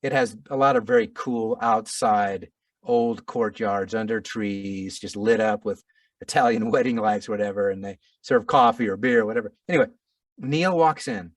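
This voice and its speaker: Man, middle-aged, animated storyteller, stammers and restarts, dry sound, slightly distant from the mic. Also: lowish voice, moderate pace, no room sound. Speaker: audiobook narrator, guest. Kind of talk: casual storytelling interview.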